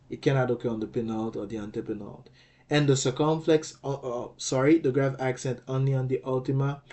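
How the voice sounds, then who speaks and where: A man teaching a grammar lesson, explaining slowly and carefully, often restarting phrases and checking in with "okay?". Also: medium pitch, darkish tone. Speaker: Greek language teacher.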